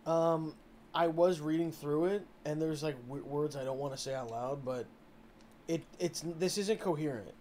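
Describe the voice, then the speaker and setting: Excitable, profane streamer with a mellow voice. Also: male voice, a little high, normal speed, slight background noise. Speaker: streamer reacting to a video. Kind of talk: casual reaction commentary.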